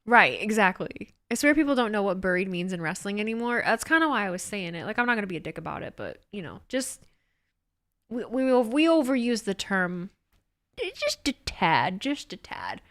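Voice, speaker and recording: A woman's voice: medium pitch, sing-song, moderate pace, a bit bright. A woman hosting a casual wrestling watch-along stream, slightly wheezy, reacting to chat with laughs and swearing.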